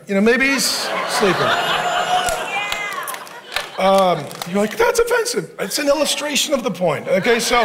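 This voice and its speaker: Animated high-voiced male pastor preaching. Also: background noise. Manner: joking, sarcastic asides. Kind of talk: sermon.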